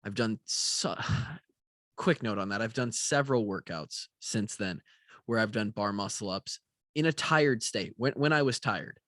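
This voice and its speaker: Fairly low in pitch but with a fairly bright tone, a young man talks in an unhurried way with no room sound. He's tired and yawning, rambling through a casual talking-head vlog with many fillers and casual cursing.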